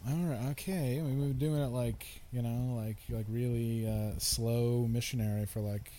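A man's voice: medium pitch, steady tone, normal speed, warm tone, slight background noise. A man hosting a crude comedy podcast, rambling and profane, laughing often. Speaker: podcast host.

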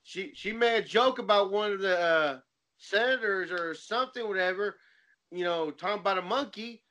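A man's voice: sits high, moderate pace, sharp tone. A man in his forties hosting a podcast, chatting casually and rambling through loose stories. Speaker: podcast host. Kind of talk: casual chat.

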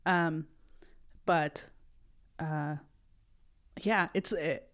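An American woman co-hosts a podcast in casual conversation, speaking extremely slowly in a deep voice with fairly even intonation. Her talk rambles, full of fillers and restarts.

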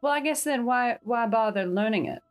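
A woman's voice: a little high, lively intonation, normal speed, natural voice. A woman voicing a poised adventurer in formal, courtly phrasing. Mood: probing.

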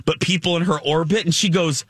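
A man co-hosting a morning radio show, telling a story in an animated way and laughing often. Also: on the high side, a little fast, breathy edge, dry recording, studio quality. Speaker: radio co-host. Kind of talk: casual morning radio chat.

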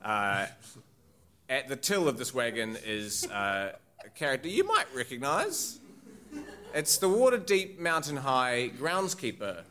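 Game master, bright, lively narrator, playful. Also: male voice, medium pitch, a little slow. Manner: playful, laughs often.

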